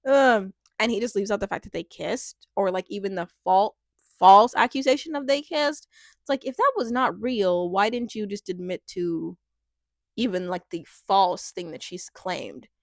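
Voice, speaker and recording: A woman's voice: medium pitch, normal speed, dry recording, studio quality. A woman giving a casual, chatty recap of a reality show, rambling with lots of fillers and acting out quotes with a laugh.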